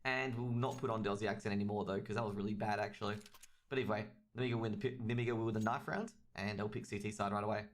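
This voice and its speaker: A man's voice: lowish voice, steady tone, rapid-fire. A man with an Australian accent giving chatty, rambling solo commentary on a livestreamed match and talking straight to his chat. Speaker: esports caster.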